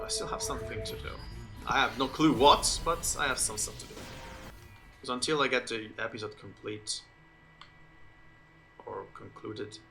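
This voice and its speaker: A man's voice: medium pitch, creaky. A man whose first language is Italian, streaming a game and chatting casually in English in a rambling way. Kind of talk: casual gameplay commentary.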